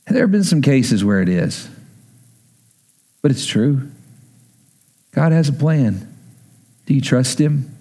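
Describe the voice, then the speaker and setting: A man's voice: very animated, slow, long pauses, warm tone. A man preaching earnestly as pastor, then leading a prayer and an altar call. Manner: earnest, emotional, rising in pitch as he pleads.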